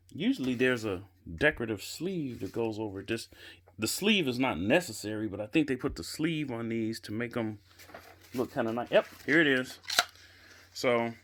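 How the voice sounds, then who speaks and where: A man's voice: mid-range voice, bright, forceful tone. A man from Chicago casually reviewing a gaming chair as he assembles it at home, chatty and rambling, with lots of "I guess" and "you know", recorded on a handheld camera mic. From Chicago area. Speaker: product reviewer. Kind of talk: casual unscripted product review.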